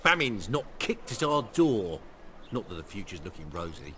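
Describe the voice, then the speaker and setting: A wry shapeshifter merchant. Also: male voice, low voice, very animated, moderate pace, pushed and bright, a little hiss or hum, exaggerated voice. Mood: rueful. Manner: wry, rueful and self-mocking. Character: weary middle-aged male shapeshifter posing as a ruined merchant. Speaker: game character. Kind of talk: video game voice acting.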